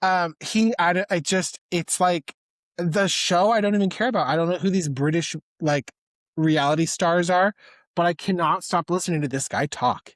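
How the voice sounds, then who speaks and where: A man co-hosting a podcast, chatting in an excitable, rambling way full of "like". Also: high-pitched, normal speed, dry recording, studio quality. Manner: excitable, rambling, heavy use of "like". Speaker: podcast co-host. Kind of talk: casual chat.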